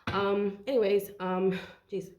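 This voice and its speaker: A woman's voice: mid-range voice, flat delivery, slow, darkish tone. A young woman giving a casual, rambling tarot reading, out of breath and swearing now and then. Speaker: tarot reader.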